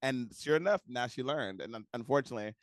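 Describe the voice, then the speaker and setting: A man from Texas hosting a podcast, chatty and agreeable, with quick interjections. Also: medium pitch, animated, no room sound, studio quality. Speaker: podcast host. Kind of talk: casual interview chat.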